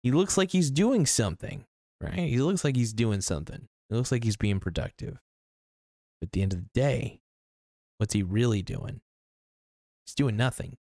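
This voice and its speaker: A man's voice: medium pitch, animated, normal speed, pauses often, dark tone, dry recording, studio quality. A young man ranting bluntly and crudely into his own video, rambling with restarts. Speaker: political vlogger. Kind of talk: ranting monologue to camera.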